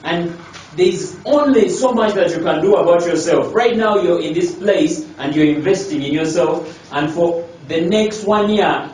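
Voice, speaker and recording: Male life coach addressing trainees; emphatic, rhetorical, repetitive; somewhat high voice, recorded from a distance in a faintly noisy, echoey room. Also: a little mellow. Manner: emphatic, repeats key lines, rhetorical questions. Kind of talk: motivational talk to a group.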